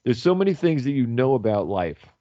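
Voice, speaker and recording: A man talking loudly and animatedly on a radio show, telling stories and acting out what others said. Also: medium pitch, brisk, dry recording, muffled recording. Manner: loud, animated storyteller who acts out quotes. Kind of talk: casual radio chat.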